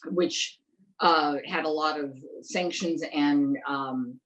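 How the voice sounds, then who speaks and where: The audio is dull, and the woman's deep voice moves slowly. She's an investigative journalist being interviewed conversationally, talking with animated emphasis and posing rhetorical questions.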